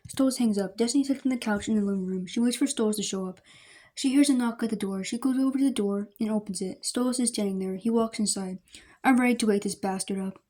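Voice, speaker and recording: Amateur fan-fiction reader, woman, mellow voice, a bit high. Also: fast talker. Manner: plain, unpolished reading with small slips. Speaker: story reader. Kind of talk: reading fan fiction aloud.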